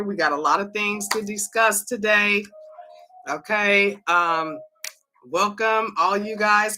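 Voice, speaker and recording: A hoarse woman hosts a casual livestream in an unhurried, bright voice. She keeps calling viewers to come on in. Her talk is halting and full of fillers. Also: mid-range voice, a little hiss or hum. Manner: repeatedly and eagerly calls viewers to join in. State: hoarse, voice cracking. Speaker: livestream host.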